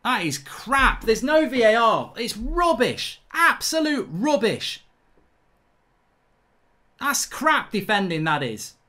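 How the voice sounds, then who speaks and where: Ranting football fan with a bright voice. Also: male voice, very high voice, big pitch swings, takes it slowly. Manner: ranting, exasperated, swears a lot. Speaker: football fan channel host. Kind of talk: live match reaction commentary.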